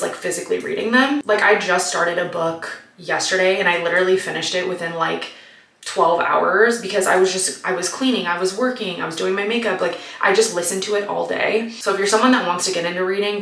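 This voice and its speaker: A woman's voice: mid-range voice, gravelly, a bit bright. A woman in her late twenties chatting casually as she answers viewer questions, often saying "like" and laughing easily. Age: late 20s. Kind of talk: casual Q&A chat. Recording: roomy, mic at a distance.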